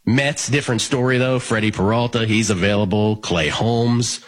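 A man's voice: lowish voice, steady tone, moderate pace. A man hosting a sports betting talk show, talking in a casual, rambling way with restarts.

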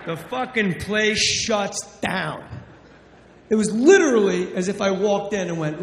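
A man's voice: high voice, a little slow. A man from New Jersey doing brash, profane stand-up comedy on stage. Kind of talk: stand-up storytelling. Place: comedy stage in a large hall. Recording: echoey live hall, faint noise.

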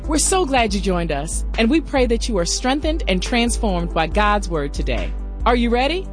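A woman announcer reads a scripted radio introduction with a very lively, animated melody. Her delivery is welcoming, and faint music plays beneath her voice. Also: on the high side, moderate pace.

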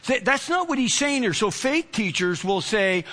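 Male pastor, very high bright voice, animated storytelling sermon. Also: normal speed. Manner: animated storyteller, acts out quotes.

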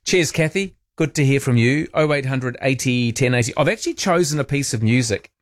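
Chatty New radio host, dry sound. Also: male voice, medium pitch, lively intonation, brisk, no room sound. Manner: chatty, teasing, self-mocking. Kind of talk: casual talkback chat.

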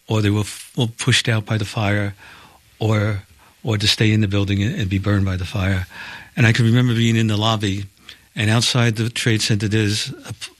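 A man, a fire officer, recounting events in an interview in a plain, steady way. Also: lowish voice, dry recording. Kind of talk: recollection in interview.

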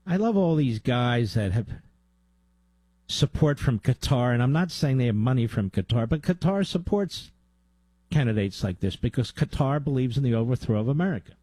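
A man's voice: medium pitch, animated, normal speed, dark tone, husky, no room sound. A man hosting a talk radio show, delivering a combative monologue with sarcastic asides to his producer.

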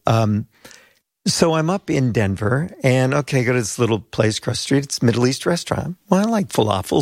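A man's voice: medium pitch, vocal fry, no room sound, studio quality. An older man, a pastor and mission leader from the United States, telling stories as an interview guest and acting out the voices of people he quotes. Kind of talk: storytelling interview.

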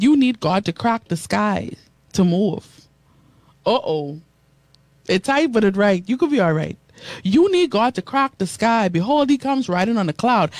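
A woman preaching to a live and radio audience, repeating lines call-and-response style, reading out viewer comments and swinging from hushed asides to high exclamations. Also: no echo.

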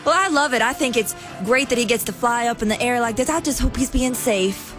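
A woman's voice: a little high, brisk, fairly bright tone, soft background music, natural voice. A woman putting on a chirpy Colorado woman's voice for a comic radio bit.

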